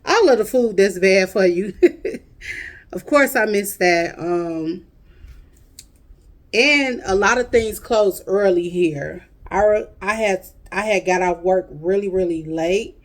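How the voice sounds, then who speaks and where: Chicago woman vlogging, drags her words, calls everybody y'all and honey, middle pitch. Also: slow. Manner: drawling, chatty, addresses viewers as y'all and honey. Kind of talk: casual chat to viewers.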